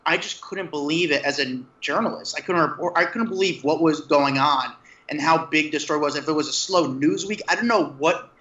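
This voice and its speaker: Bright-voiced rambling male interviewer. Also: fairly high pitch. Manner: rambling, halting restarts. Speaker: interviewer, journalist. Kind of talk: casual interview questions. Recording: roomy, dull lo-fi sound.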